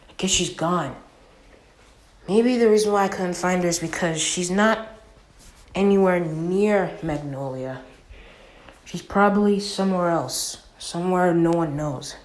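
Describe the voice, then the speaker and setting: A woman's voice: lowish voice, measured pace, pauses often, echoey room, lightly acted, low-quality recording. A woman doing a subdued young fire mage. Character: young male fire mage, brash but serious.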